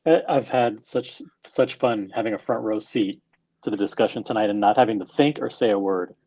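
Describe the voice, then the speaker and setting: Measured man weighing in slowly. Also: lowish voice, a little mellow, dry recording, dull audio. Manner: measured, slow, hedging with fillers. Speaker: panel guest. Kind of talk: casual panel chat.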